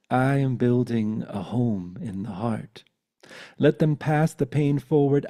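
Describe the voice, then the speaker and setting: A man leads a spiritual talk over a video call, unhurried and contemplative. His voice is mellow and warm, and he moves from reflection into a poetic recital. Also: mid-range voice. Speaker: spiritual teacher.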